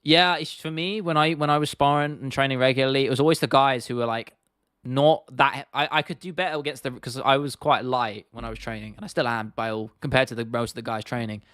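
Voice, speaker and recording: Young male streamer, mid-pitched, easygoing and sweary, dry close mic. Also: fairly even intonation, fast, a bit bright, smooth, no echo. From United Kingdom. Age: 20s. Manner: laid-back, sweary, laughs often. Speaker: livestream host. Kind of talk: casual livestream Q&A.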